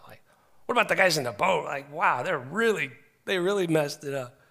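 A middle-aged man preaching a sermon, earnest and animated, with frequent restarts as he retells stories. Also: fairly high pitch, a little fast, creaky.

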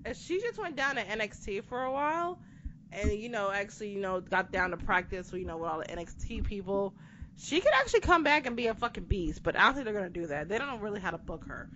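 A woman in casual chat who rants with lots of swearing and animated outbursts. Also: medium pitch, fast talker. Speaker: co-host discussing wrestling. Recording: dull lo-fi recording with faint noise.

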